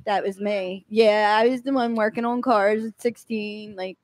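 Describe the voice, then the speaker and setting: A woman's voice: mid-range voice, steady tone, a little slow, a little mellow, no room sound. Chatty woman, dry close sound. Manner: chatty, fillers of "like". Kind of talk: casual chat.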